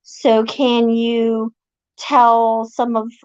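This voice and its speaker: Soft-spoken woman host, muffled dry sound. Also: fairly high pitch, completely flat delivery, extremely slow, clean tone, dry recording. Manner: soft-spoken, hesitant, frequent backchannel. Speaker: interviewer host. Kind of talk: casual interview chat.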